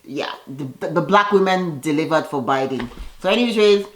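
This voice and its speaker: A woman giving a casual, chatty recap of a TV episode. She leans on "you know" and acts out the cast's lines with animated quoting. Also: deep voice, moderate pace. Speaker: reality TV recap vlogger. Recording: roomy echo.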